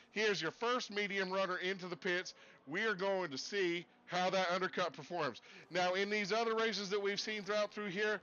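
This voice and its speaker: The voice is high-pitched, pushed, and bright, as a man narrates live sim racing in an affected Southern US accent, rambling and folksy with joking asides. He's at a desk streaming setup with screens, and the audio has its highs cut off plus a little hiss or hum.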